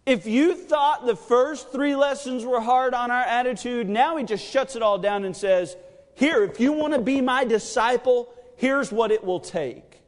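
A man with a bright, high voice delivers a sermon. He talks in a rambling, joking way. His words echo around a large church hall. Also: measured pace. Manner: chatty and joking, many fillers. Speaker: pastor. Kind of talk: sermon with personal storytelling. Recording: long reverb of a church hall.

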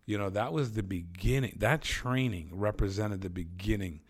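Enthusiastic low-voiced male interviewer. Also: normal speed, breathy edge. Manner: enthusiastic, hypes up the guest. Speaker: interviewer, sales trainer. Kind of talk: casual interview conversation.

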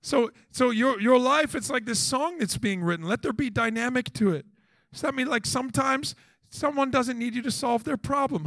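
A man preaching a sermon to couples, animated, acting out little quoted exchanges and firing rhetorical questions. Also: very high-pitched, dry recording. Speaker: pastor.

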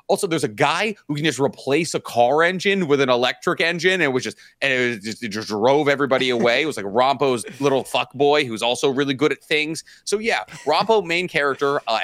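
A man co-hosting a casual podcast, telling stories with lively quoted voices and crude jokes. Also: a little fast, few pauses, no room sound, studio quality. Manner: animated storytelling, acts out quotes in high voices. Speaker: podcast co-host.

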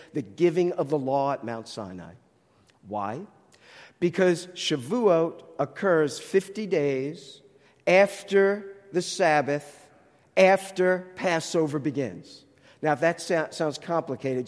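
High-voiced preacher with a Jersey accent. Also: male voice, darkish tone, big-room sound. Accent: New Jersey. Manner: explanatory, with rhetorical questions. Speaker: Bible teacher. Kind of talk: sermon.

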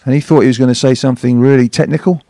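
A man recounting stories as a guest on a chat show. He acts out the people in them, and his voice jumps up whenever he imitates a shout. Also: mid-range voice, racing, vocal fry, no echo. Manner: animated storyteller, acts out shouted quotes. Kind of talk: anecdote telling.

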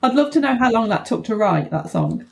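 A woman guest in a casual podcast chat, giggly and animated, acting out reactions. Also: a little high, a little fast, creaky.

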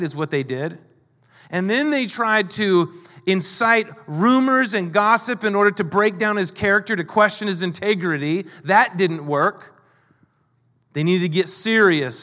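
High-voiced pastor preaching in a hall. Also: male voice. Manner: animated, shifting between emphatic and quiet. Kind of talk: sermon.

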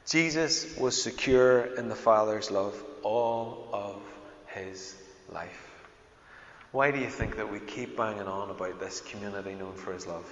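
A man's voice: on the low side, normal speed. Middle-aged Northern Irish man, pastor, emphatic sermon, dull roomy hall sound. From Northern Ireland. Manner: emphatic, swings between loud proclaiming and quiet intimate storytelling. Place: church hall. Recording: dull, echoey hall recording.

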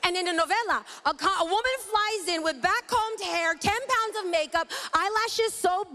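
A high-pitched woman from East Los Angeles delivers a sermon with theatrical flair, acting out little scenes as she teaches. Her voice rings with a long reverb from a large hall. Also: moderate pace. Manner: dramatic and animated, acts out scenes. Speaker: Bible teacher.

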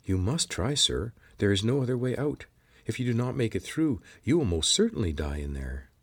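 This is a polite, formal cave creature who addresses the hero as sir, as a male narrator puts him on. The speech is stiff and precise, lifted above a low, husky voice. It sounds like an audiobook character voice. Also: sing-song, moderate pace, full character voice. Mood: formal, earnest.

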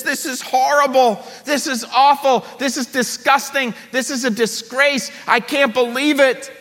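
Man putting on an indignant Pharisee host, high and sharp, exclaiming in disgust, long church reverb. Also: exaggerated voice.

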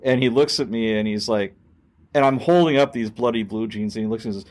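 A man's voice: medium pitch, fairly even intonation, normal speed. A middle-aged man, a podcast host, telling a story from his police days in casual chat, acting out the quoted voices and swearing now and then.

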